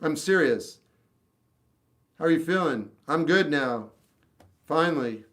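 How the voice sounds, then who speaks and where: Slow, expressive and a bit bright, his fairly high voice carries a casual livestream where he reads questions from chat. He answers with blunt, off-the-cuff opinions from a home room lined with a record collection.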